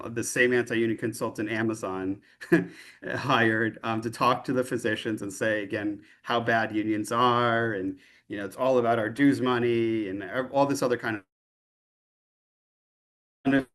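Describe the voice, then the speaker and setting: A man giving a lecture over a video call at an ordinary, middle pitch. He speaks loosely and conversationally, often checking in with his listeners with a tag question. He sounds like a physician union leader explaining his work. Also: steady tone, measured pace, a bit bright.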